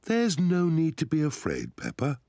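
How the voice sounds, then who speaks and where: Daddy Pig, a jolly gravelly cartoon father. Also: fairly high pitch, huge pitch swings, normal speed, mellow, no room sound, studio quality, heavily acted. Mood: reassuring. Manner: cheerful, chuckling, reassuring. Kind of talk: cartoon voice acting.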